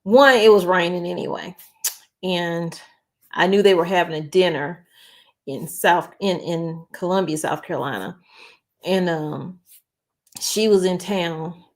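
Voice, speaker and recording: Brief: middle-aged woman, vlog host, lower register, chatty and personal with her viewers. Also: measured pace, long pauses. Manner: chatty, warm-hearted, talks to viewers by name. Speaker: channel host. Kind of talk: casual news vlog chat.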